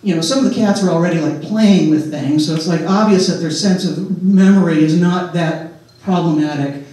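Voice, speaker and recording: A man's voice: high-pitched, moderate pace, warm tone. A man telling a folk tale live to an audience, casual and chatty, with joking asides. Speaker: storyteller. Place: large hall with a live audience. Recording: echoey hall, voice from far off.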